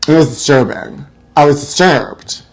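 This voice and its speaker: A man's voice: fairly high pitch, animated, a little slow, soft background music. A man hosting a live celebrity gossip show, theatrical and mock-frightened, calling his viewers honey. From Los Angeles area.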